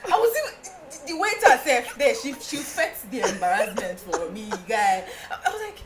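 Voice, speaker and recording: A young woman with a Nigerian accent, a podcast guest telling a story in casual chat, animated and often laughing. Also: normal speed, over loud music. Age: young adult. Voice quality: laughing, animated, breaks into high squeals.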